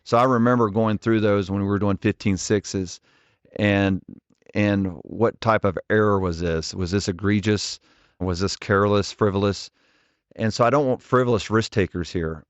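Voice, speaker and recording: Man, forties, earnest, direct, storytelling, deep-ish voice, dry muffled audio. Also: fairly even intonation, normal speed, dry recording. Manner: earnest, direct, frequent restarts. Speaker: ministry leader, podcast guest. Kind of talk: conversational interview storytelling.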